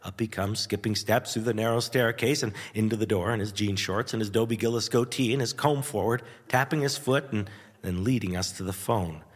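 A man hosting a radio show, telling a nostalgic story in a wry, animated way with chuckles and dramatic pauses. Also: fairly low pitch, husky, big-room sound. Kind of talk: nostalgic first-person storytelling.

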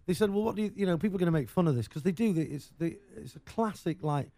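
A man's voice: high-pitched, animated, fast, vocal fry, warm tone, no echo. An English man hosting a radio show, chatting casually with rambling, jokey banter.

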